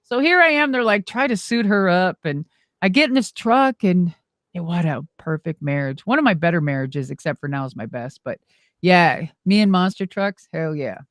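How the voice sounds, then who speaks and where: A middle-aged woman, a former wrestler and monster truck driver, telling stories in an animated, exclamatory way as an interview guest. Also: on the low side, normal speed, no room sound, clean studio sound. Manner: animated, exclamatory, acts out quoted dialogue. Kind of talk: casual storytelling interview.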